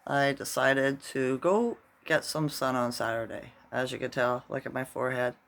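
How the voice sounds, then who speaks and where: A man's voice: medium pitch, steady tone, normal speed, gravelly, fairly bright tone. A middle-aged man vlogging casually, rambling through a story and tagging his sentences with "right?".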